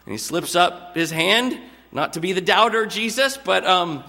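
A man preaches a sermon in a high, bright voice. He explains earnestly and drags out the words he wants to stress. His voice rings with long reverb from a big hall. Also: lively intonation, gravelly. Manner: earnest expository preaching, drawn-out emphatic words.

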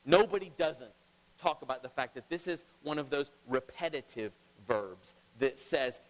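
A middle-aged man preaching a sermon as pastor, emphatic, swinging between loud and hushed. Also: mid-range voice, moderate pace. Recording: long reverb of a large hall.

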